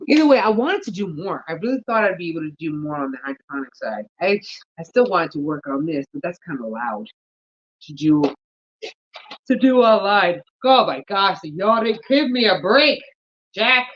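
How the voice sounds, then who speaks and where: A sleepy woman chats casually about her gardening, rambling as she thinks aloud and stopping to yawn. Her voice sits fairly low for a woman. The recording sounds dull and lo-fi. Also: very animated, normal speed. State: sleepy, yawning. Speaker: gardening vlogger.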